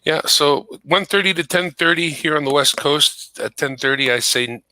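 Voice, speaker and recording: A man's voice: on the high side, moderate pace, bright, forceful tone, no room sound, rough recording. A man chatting casually from his home computer setup, explaining things at length. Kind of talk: casual chat.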